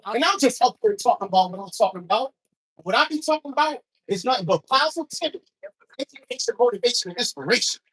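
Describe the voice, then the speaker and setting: Husky man from Delaware greeting a crowd. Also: very high-pitched, lively intonation, fast talker, a bit bright, poor audio. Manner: easygoing, joking with the crowd. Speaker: performing poet. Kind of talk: casual stage introduction. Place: live venue on stage.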